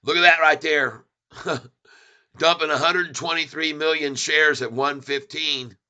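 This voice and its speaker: A middle-aged man giving excited, folksy commentary on a stock chart, repeating himself for emphasis and calling his viewers folks. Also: on the high side, takes it slowly, clear, resonant tone, dull audio.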